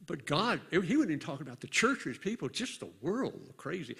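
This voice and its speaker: An older man, a pastor, preaching a sermon in a conversational storytelling way, often pausing and restarting his sentences. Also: on the high side, very animated, gravelly, a bit bright, breathy edge.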